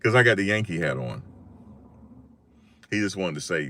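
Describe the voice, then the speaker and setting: A man's voice: low-pitched, normal speed, slight background noise. A man from Virginia hosting a live stream, telling a story in a casual, slangy way and acting out what people said. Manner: animated slangy storytelling, acts out quotes.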